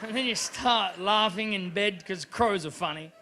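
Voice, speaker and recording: A man performing a stand-up comedy set at a live show, telling stories with swearing and shouted rants. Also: sits high, normal speed, noisy background. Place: live venue with audience.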